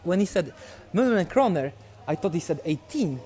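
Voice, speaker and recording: A man's voice: high voice, moderate pace. A young man from Poland with a Polish accent, telling his story casually in a documentary interview, acting out dialogue with many restarts. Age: young adult. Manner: animated, acts out dialogue, frequent restarts. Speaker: documentary subject.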